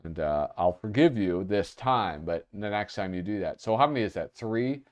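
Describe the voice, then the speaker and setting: A man's voice: lowish voice, lively intonation, normal speed. A man hosting a livestream, chatting casually as he flips through art. He gets distracted easily and reads out chat comments. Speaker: livestream host.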